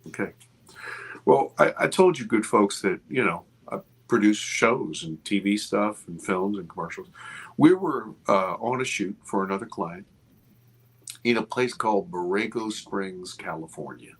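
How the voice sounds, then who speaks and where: A man over fifty, an interview guest, telling a story with expressive, restarting speech. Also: on the low side, measured pace, husky. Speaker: interview guest, film producer. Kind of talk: animated storytelling in a casual interview.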